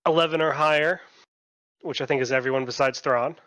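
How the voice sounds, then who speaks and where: A man narrating as dungeon master in an online tabletop game, halting and full of fillers. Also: a little high, fairly even intonation, bright, forceful tone.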